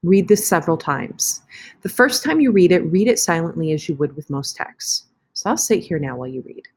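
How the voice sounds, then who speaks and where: A woman's voice: lowish voice, expressive, brisk, darkish tone. A woman teacher talking casually through an online lesson on screen, chatty and correcting herself as she clicks around. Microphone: computer mic for screen recording.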